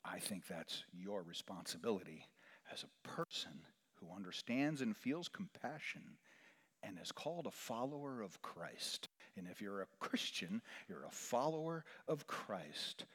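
A man preaching a sermon in a church sanctuary, his voice carrying a long reverb through the hall. He talks in a lively, animated way, pushing up loud and high for emphasis, then sinking to hushed, near-whispered lines. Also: a little slow, slightly rough. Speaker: chaplain.

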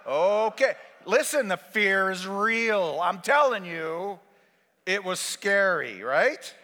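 Male stand-up comic, high and lively, in a reverberant hall. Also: slow pace. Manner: animated, acting out scenes. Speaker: stand-up comedian. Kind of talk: stand-up storytelling. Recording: long reverb of a large hall.

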